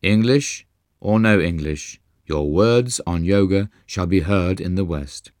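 Storybook figure: calm, certain elderly spiritual teacher, deep unhurried voice, put on by a male narrator. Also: no room sound, clean studio sound. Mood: assured. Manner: calm, simple, assured delivery.

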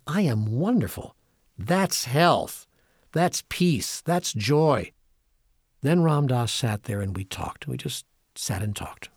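A man giving an inspirational spiritual talk, earnest and measured, building up emphatic lists. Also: medium pitch, darkish tone, husky, dry recording, clean studio sound. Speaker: spiritual speaker.

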